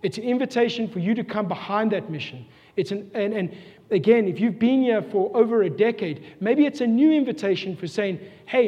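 South African pastor, high male voice, earnest sermon full of questions, church-hall reverb. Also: a little mellow, muffled recording. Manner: earnest, rhetorical questions, repeats himself.

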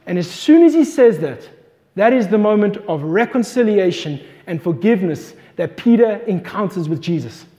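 A man's voice: sits high, expressive, moderate pace, warm tone. A man preaching a sermon, retelling a scripture story with passion and asking his listeners questions. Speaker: pastor. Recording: long hall reverb.

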